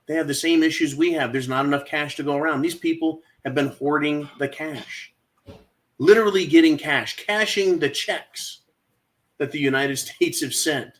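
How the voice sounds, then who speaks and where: A man's voice: a little high, normal speed. Ranting male commentary host. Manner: ranting, keeps addressing folks and asking right?; mocking, sarcastic. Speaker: channel host. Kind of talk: political commentary rant.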